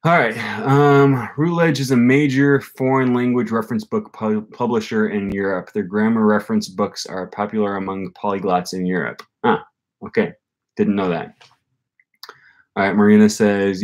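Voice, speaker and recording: Rambling man, lowish voice. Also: steady tone, normal speed. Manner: rambling, self-correcting, with frequent fillers and restarts. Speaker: language-learning livestream host. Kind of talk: casual live-stream chat reading viewer comments.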